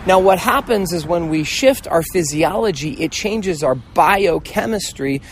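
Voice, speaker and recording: A middle-aged man hosting a motivational mentoring talk, telling stories in a casual, animated way and acting out voices, with a swear word now and then. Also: high-pitched, unhurried, a little hiss or hum. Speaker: host, mentor.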